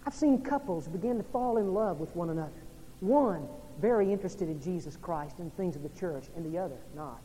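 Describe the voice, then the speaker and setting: A man from Oklahoma or Texas, a pastor preaching an evening sermon in a church, swinging between loud and hushed delivery. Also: lively intonation, a little fast. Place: church sanctuary. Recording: long reverb in a large hall, faint rumble.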